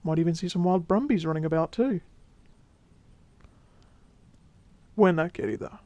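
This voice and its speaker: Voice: mid-range voice, fast, no echo, close to an everyday voice. A performer playing a charming, flirtatious male vampire who speaks with a Mexican Spanish accent, teasing and then soothing in an audio role-play drama. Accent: Mexican Spanish accent, put on by the figure. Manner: teasing, warm, soothing, drops to whispers.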